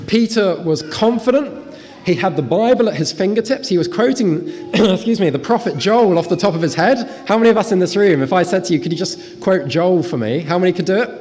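Brief: male preacher, lively and animated, slightly high voice, church hall with long reverb. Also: fairly quick. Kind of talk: sermon.

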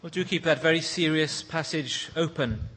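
A man's voice: moderate pace, breathy edge. A man preaching a sermon, leading prayer and reading scripture aloud in an earnest way. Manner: earnest, rising to loud exclaims when quoting praise; leads prayer in a hushed, low voice.

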